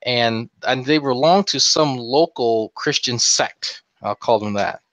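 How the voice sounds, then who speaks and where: A man's voice: medium pitch, a little slow, a bit bright, dry recording. A man casually telling a long anecdote on a group talk show, acting out quotes as he goes. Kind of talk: casual storytelling. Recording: slightly dull lo-fi sound.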